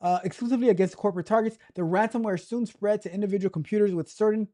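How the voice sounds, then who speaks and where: A man's voice: sits high, fairly even intonation, fast, dark tone. A man hosting a casual tech livestream, joking around and reading news aloud with stumbles and repeated words.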